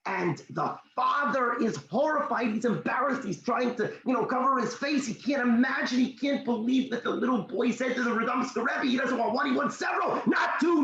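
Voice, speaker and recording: A motivational speaker, a man, telling a story in a discussion, animated, his voice leaping up when excited. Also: extremely high pitch, gravelly, slight background noise. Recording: echoey room, dull lo-fi sound.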